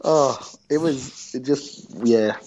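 Young man, chatty storyteller, mid pitch, lo-fi mic. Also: slow pace, darkish tone, slight background noise. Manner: rambling, acts out quoted dialogue, swears freely. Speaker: podcast co-host. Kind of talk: casual storytelling chat. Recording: dull lo-fi recording.

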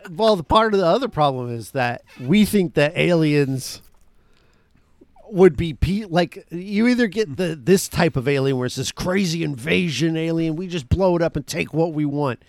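A joking, animated podcast host, a man with a somewhat high voice who throws in quick asides. The sound is close and dry. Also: gravelly, no echo. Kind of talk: casual chat.

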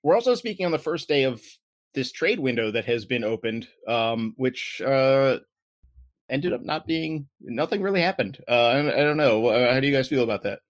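A man hosts a loose podcast chat in a mid-pitched voice, full of ums and restarts. The sound is dry and close, with no room around it. He talks over a conference call. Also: expressive, normal speed, dry recording. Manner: rambling, many fillers and restarts. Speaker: podcast host. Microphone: remote call.

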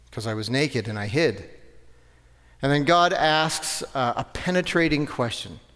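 A man's voice: on the high side, smooth. A man preaching a sermon, conversational, with self-corrections and rhetorical questions. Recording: long hall reverb.

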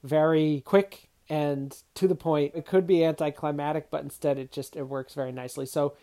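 A film reviewer walks through a movie's story in a relaxed, reflective way. The talk is unscripted, with small restarts as thoughts form. The voice sits at a middle pitch. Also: normal speed. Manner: reflective, thinking aloud with restarts. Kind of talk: casual spoken film commentary.

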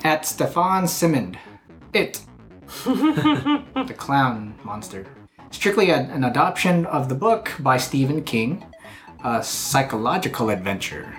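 A man's voice: medium pitch, sing-song, takes it slowly, pauses often, soft background music. A man hosting a casual podcast, reading listener messages aloud and laughing often. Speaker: podcast host.

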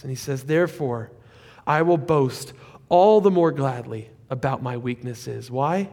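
A male pastor preaching a sermon, animated, rising to loud peaks and dropping to quiet asides. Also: medium pitch, measured pace, few pauses, in a large hall.

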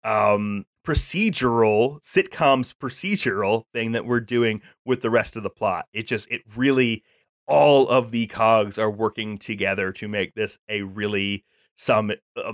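A man's voice: fairly low pitch, moderate pace, no echo, studio quality. A man co-hosting a casual podcast chat, talking with enthusiasm, rambling through fillers and restarts as he reviews a show. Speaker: podcast co-host.

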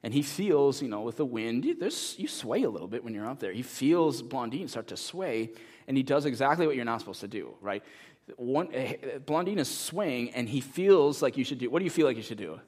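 Animated male pastor telling a story. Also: medium pitch, a little fast. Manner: animated storytelling, building to a quiet earnest appeal. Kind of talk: sermon.

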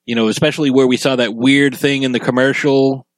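A man co-hosting a casual podcast chat about a film, relaxed and agreeable, with lots of fillers. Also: mid-range voice, brisk, dry recording, rough recording. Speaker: podcast co-host.

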